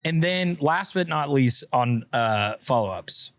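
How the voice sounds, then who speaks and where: A man's voice: medium pitch, lively intonation, slow pace, a bit bright, no room sound, studio quality. A man hosting a casual podcast, chatting playfully and reading listener messages aloud. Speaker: podcast host.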